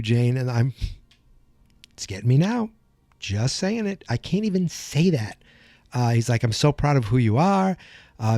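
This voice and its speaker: A man's voice: medium pitch, mellow, no echo, clean studio sound. A man hosting a fan podcast, chatting through an episode recap in a loose, emotional way. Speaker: podcast host.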